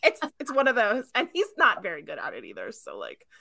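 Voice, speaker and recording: A woman hosting a podcast in casual chat, talking in an animated way with lots of fillers. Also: medium pitch, brisk, gravelly. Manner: chatty, animated storyteller with many fillers. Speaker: podcast host. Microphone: video call.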